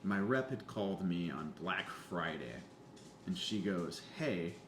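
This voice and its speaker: Dude, lowish voice, animated story, cusses a lot, echoey room with a faint hum. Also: male voice, a little slow. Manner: animated, swears freely, acts out quotes. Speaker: podcast guest. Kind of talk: casual storytelling chat.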